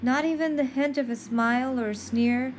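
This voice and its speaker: A woman narrates a story for her podcast, with a voice that sits a touch high. She reads with drama and playful pauses, and a faint hiss hangs under the recording. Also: steady tone. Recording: faint background noise.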